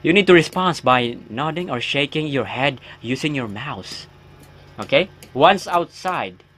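A gaming YouTuber with a sharp, medium-pitched voice chats casually while working through a horror game. He's self-mocking and rambling, and he yelps out loud whenever a scare hits.

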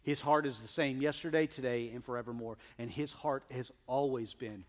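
A man preaching a sermon as pastor, emphatic, swinging from loud declarations to hushed asides. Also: medium pitch, normal speed.

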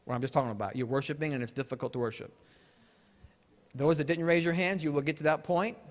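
A man preaches a sermon in a fairly high voice. He mixes loose, chatty asides with sudden emphatic shouts. His voice rings out with a long reverb across a church hall. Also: steady tone, fast talker. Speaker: guest preacher.

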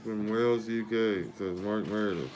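A man's voice: on the low side, fairly even intonation, normal speed, slight background noise. A man hosting a casual livestream, greeting and thanking viewers by name over and over. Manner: repetitive shout-outs and thanks to viewers. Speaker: livestream host. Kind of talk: casual live-stream chat.

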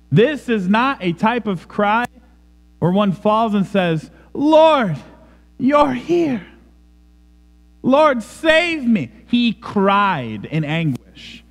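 High-pitched pastor preaching, swoopy lively delivery, echoey sanctuary. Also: male voice. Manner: emphatic, dramatic preaching with acted-out quotes. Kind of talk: sermon. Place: church sanctuary.

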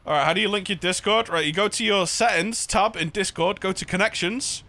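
Bright, playful man. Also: high-pitched, brisk. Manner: playful, joking. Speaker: game streamer. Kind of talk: casual gaming banter.

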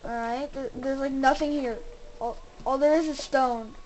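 Excitable high-voiced young woman gamer. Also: normal speed, slight background noise, low-quality recording. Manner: excitable, exclaims and talks to viewers. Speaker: gaming channel host. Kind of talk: casual game commentary.

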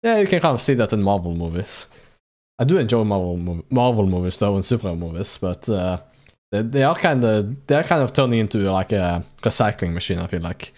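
A man's voice: fairly low pitch, lively intonation, fairly quick, a little mellow. A man chatting through a visual novel playthrough, his voice bouncing up and down a lot as he reacts. He jokes and swears freely, half reading lines and half riffing on them. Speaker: streamer playing a visual novel. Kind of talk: casual let's-play commentary and reading game lines aloud.

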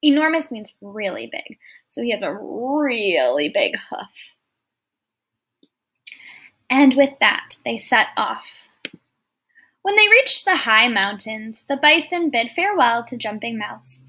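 A woman's voice: fairly high pitch, sing-song, slow, long pauses, sharp tone. A woman teacher reading a folktale aloud to children, explaining words and asking questions as she goes. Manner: clear, explaining, often asks listeners questions. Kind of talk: read-aloud lesson for children.

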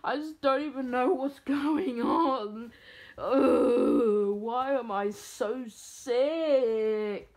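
A woman voicing a sick grown man who groans and complains, slow and miserable. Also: fairly high pitch, darkish tone. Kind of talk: puppet comedy voice acting.

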